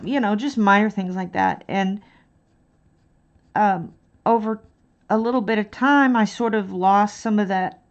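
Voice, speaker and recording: A woman's voice: mid-range voice, unhurried, pauses often, dull audio. A woman from Dallas with a mild Texan accent, chatting casually and hesitantly with many fillers while painting on a livestream. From Dallas, Texas. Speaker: livestreaming artist.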